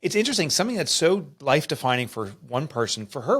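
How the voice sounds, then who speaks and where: Man, middle-aged, candid storytelling, earnest, lively when acting out scenes. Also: a little high, fast, slightly rough. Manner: earnest, emotional, animated when reenacting. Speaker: author and guest.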